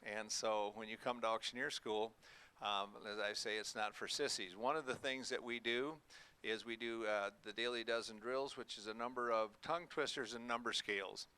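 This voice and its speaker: A man addresses an audience at a hotel event, speaking folksily and pausing often on fillers. His voice is bright and forward, and his diction is clean and clear. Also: on the low side, fairly even intonation. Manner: folksy, halting with many fillers. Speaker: auction school owner. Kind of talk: speech to an audience.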